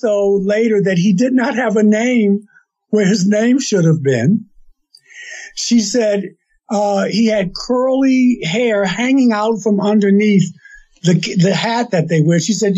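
On a dull lo-fi recording, a man casually retells a story he was told, rambling with restarts and quoting the other person's words. His voice sits high, with a dark tone and a breathy edge.

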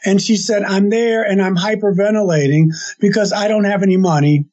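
A man's voice: sits high, fairly even intonation, fairly quick, a little mellow. A man casually retelling a story he was told, rambling with restarts and quoting the other person's words. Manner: rambling, with restarts and quoted dialogue. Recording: dull lo-fi sound.

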